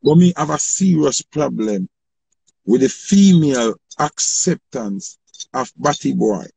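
A man with a Jamaican accent talking haltingly in a casual livestream chat. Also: on the high side, sing-song, vocal fry, darkish tone, breathy edge, dry recording, low-quality recording. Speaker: livestream co-host.

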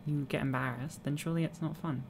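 Low-voiced woman, teasing and blunt. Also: fairly even intonation, fast talker, a little mellow, a little hiss or hum. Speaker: stream guest. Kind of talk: casual chat.

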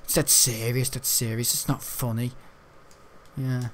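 Young man, excitable, crude gaming commentary, frequent laughter. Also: mid-range voice, measured pace, slight background noise. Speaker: gaming channel host.

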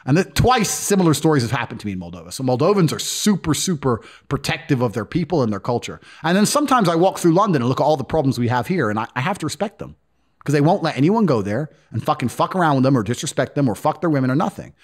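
Fast-talking, blunt, profane storyteller man. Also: mid-range voice, big pitch swings. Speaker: guest telling a story. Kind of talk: animated storytelling in conversation.

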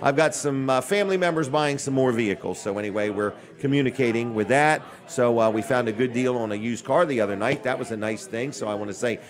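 An older man hosts a live radio and TV broadcast on location from a busy restaurant, rambling casually between giveaways and sponsor plugs and tossing in dry jokes. His mid-range voice runs a little fast with hardly any pauses.

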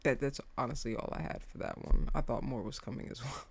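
A woman casually doing a tarot reading for her viewers, animated, slangy and openly emotional as she talks. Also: very deep voice, fast, creaky, hardly any pauses, breathy edge. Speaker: tarot reader.

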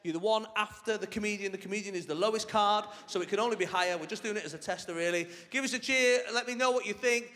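A man's voice: high voice, fast, few pauses, pushed and bright. A male stand-up comedian, talking in a chatty, self-mocking way from a theatre stage. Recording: large hall with reverb, audience noise.

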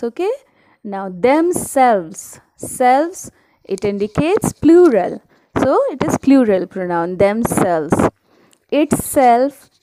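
Slow, patient woman teaching grammar. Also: on the high side, darkish tone, low-quality recording. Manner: slow, deliberate explaining, asks and answers her own questions; checks understanding with frequent "okay?". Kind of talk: grammar lesson for children.

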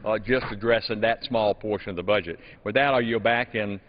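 Man, congressman, earnest halting delivery, long chamber reverb, dull audio. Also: lowish voice, steady tone. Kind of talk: House floor speech. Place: House chamber.

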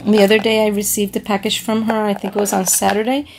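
A woman with a gravelly, fry-edged voice talks casually to her camera at home, gushing with enthusiasm and repeating her praise. She often pauses and trails off mid-sentence while hunting for the right word, and a faint noise sits under her voice. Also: mid-range voice, flat delivery. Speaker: craft vlogger showing a package.

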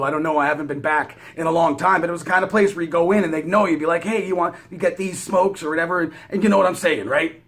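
A vlogger with a fairly high, gravelly voice casually tells a long, rambling story. He swears constantly and animatedly acts out every beat.

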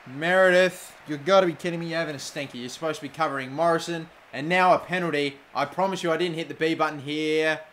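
A young man narrates his football game as he plays. His voice sits slightly high, and he keeps breaking into swearing and shouting when a chance is missed. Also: fast, hardly any pauses, a little hiss or hum. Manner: excitable, swears, shouts at players. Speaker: gaming YouTuber. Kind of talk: gameplay commentary.

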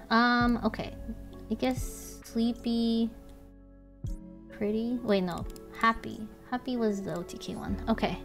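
A fairly high-voiced woman chatting through a card game on stream, flustered and talking to herself as she plays. She swears under her breath and jumps up into loud squeals when she slips up. Faint music plays behind her. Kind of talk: casual gameplay streaming.

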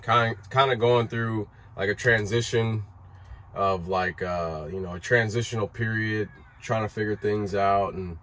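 A man's voice: lowish voice, steady tone, unhurried, fairly bright tone. A man vlogging from inside his truck cab, explaining a repair in a laid-back, rambling way with lots of fillers and restarts. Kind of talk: casual how-to vlog.

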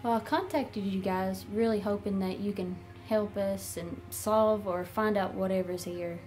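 A woman's voice: medium pitch, steady tone, a little slow, a little mellow, slight background noise. A woman speaking hesitantly and earnestly, asking investigators for help. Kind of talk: casual interview.

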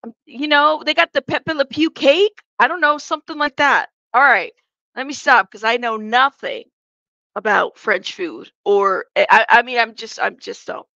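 A woman's voice: fairly high pitch, moderate pace, gravelly, sharp tone, dry recording. A woman hosting a live commentary stream, reading the chat aloud and joking. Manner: chatty, joking asides, laughs often. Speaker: commentary channel host. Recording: dull lo-fi sound.

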